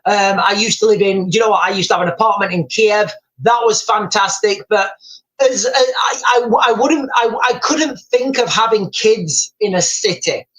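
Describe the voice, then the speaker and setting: A man's voice: high-pitched, moderate pace, fairly bright tone, low-quality recording. A middle-aged man hosting a casual live stream, telling rambling stories and calling his viewers guys, with many restarts.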